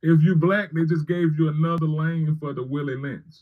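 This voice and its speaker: A man's voice: on the high side, steady tone, moderate pace, narrow, tinny audio. A man giving heated political commentary on a livestream, arguing with viewers by name and repeating his points. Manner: argumentative, repeating phrases, addressing commenters by name.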